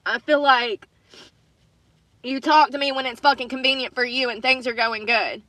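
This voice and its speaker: Bright-voiced woman ranting in anger. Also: sits high, fairly even intonation, normal speed, no room sound. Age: adult with children. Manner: angry, swearing, repeating herself. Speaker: livestreamer. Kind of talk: emotional livestream rant. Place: in her car.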